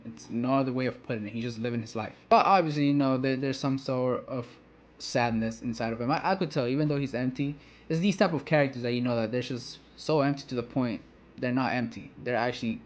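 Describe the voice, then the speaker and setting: A man's voice: mid-range voice, muffled recording, a little hiss or hum. Rambling, slangy young man reacting to manga. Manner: rambling and slangy, repeated "bro", "you know" and restarts. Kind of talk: casual reaction commentary.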